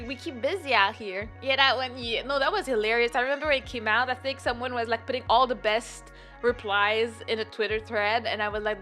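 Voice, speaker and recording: Bright-voiced woman streamer chatting casually. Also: high voice. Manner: rambling, animated, reads chat aloud and replies. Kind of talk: casual live-stream chat. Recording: light music playing behind.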